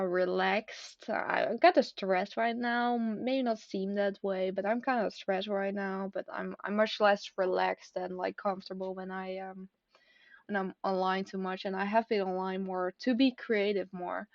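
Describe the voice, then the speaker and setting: A young woman vlogging at home in a casual, confessional way, rambling and halting with a self-deprecating tone. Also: medium pitch, vocal fry, dry recording. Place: at home, seated at a desk. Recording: dry, slightly dull lo-fi.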